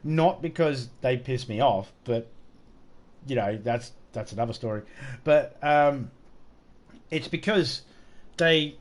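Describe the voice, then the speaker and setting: Slow and given to frequent pauses, this middle-aged man's mid-range voice carries a casual live-stream chat over a game. He jokes around, curses freely, and wanders through stories.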